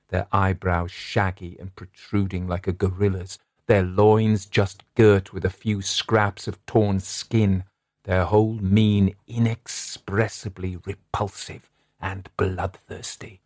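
Low-voiced man reading Victorian horror. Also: darkish tone, no echo, studio quality. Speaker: narrator. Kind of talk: scripted narration of a Victorian horror story.

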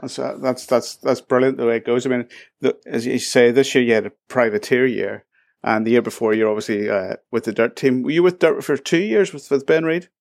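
A man's voice: medium pitch, steady tone, a little fast, creaky, darkish tone, no echo, studio quality. A man hosting a podcast, chatting casually and asking friendly questions, laughing easily along the way. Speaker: podcast host.

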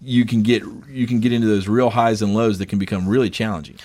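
Midwest guy cohosting a podcast, kinda low voice, rambly and chatty, joking around. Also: steady tone, fast talker, darkish tone. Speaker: podcast co-host. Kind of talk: casual podcast chat.

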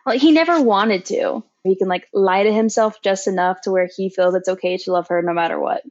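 A woman's voice: medium pitch, a little fast, a little mellow, dry recording, highs cut off. A woman chatting upbeat as a panelist in a casual film discussion.

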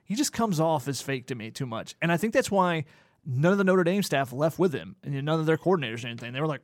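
A man's voice: fairly high pitch, animated, fast, no room sound. A man co-hosting a podcast in casual banter, giving blunt opinions with dry jokes. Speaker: podcast co-host.

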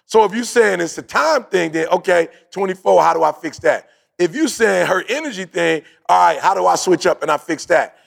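A man's voice: sits high, a little fast, gravelly. A man co-hosting a podcast, casually telling a story with slang and acting out quoted talk. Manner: animated storyteller, acts out quoted dialogue; uses street slang, "yo, bro". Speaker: podcast co-host. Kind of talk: casual chat.

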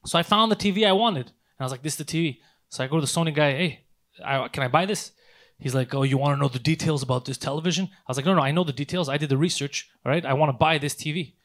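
Man, podcast host, fast storyteller, profane, animated, fairly high pitch. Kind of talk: casual storytelling chat.

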